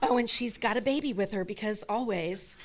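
A pastor's wife making chatty announcements and thank-yous to the congregation in a church hall. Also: female voice, mid-range voice, a little fast.

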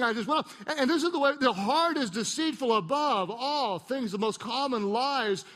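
A middle-aged man preaches from a church stage, his voice sitting high and ringing bright. He tells stories with lively, acted-out voices and gently mocks himself. The big hall carries a long reverb behind him. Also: moderate pace, few pauses. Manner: animated storyteller, acts out voices and mocks himself. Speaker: pastor. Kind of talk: sermon.

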